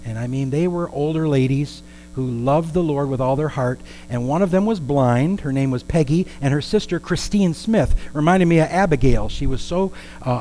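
A man's voice: on the high side, warm tone, slight background noise, poor audio. A man preaching a storytelling sermon in a conversational way, with asides and questions to the congregation.

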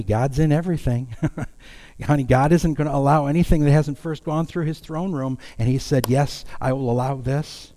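Mellow-voiced preacher in a ringing hall. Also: male voice, a little high. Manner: folksy, self-deprecating humor. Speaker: pastor. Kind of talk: sermon.

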